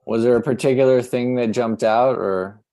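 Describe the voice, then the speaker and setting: A man's voice: medium pitch, normal speed, warm tone, soft background music. A man hosting an online comedy show over a video call, asking teasing questions with a laugh. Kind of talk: casual hosting banter.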